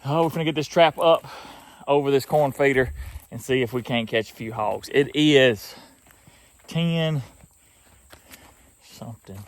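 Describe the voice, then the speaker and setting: A man's voice: medium pitch, measured pace, pauses often. A man with a Southern US accent, chatting folksily outdoors in a field while narrating his hog trapping vlog. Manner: folksy, chatty, laughs often.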